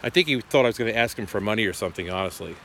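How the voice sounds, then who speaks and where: A man's voice: lowish voice, lively intonation, racing, pushed and bright, slight background noise. A man in his forties casually retelling a phone call, acting out both sides. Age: 40s. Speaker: vlogger. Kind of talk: casual storytelling to camera.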